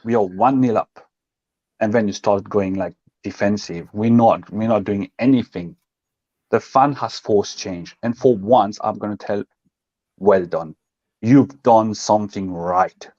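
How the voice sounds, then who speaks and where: Low-ish guy ranting passionately about football, dry and a bit muffled. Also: a little slow, darkish tone, no echo. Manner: passionate, emphatic, acts out quotes. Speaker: co-host of a fan show. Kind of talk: casual football chat.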